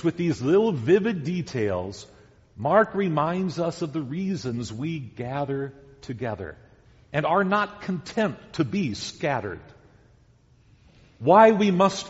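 Man, pastor, sermon, slow emphatic delivery, a little high, long church reverb. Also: dull audio. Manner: deliberate, emphatic preaching with repeated key words. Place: church sanctuary.

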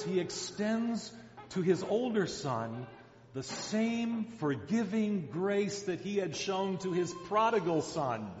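Slow high-voiced preacher in an echoey hall. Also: male voice. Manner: dramatic storytelling, voicing quoted characters. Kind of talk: sermon. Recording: echoey hall, dull sound.

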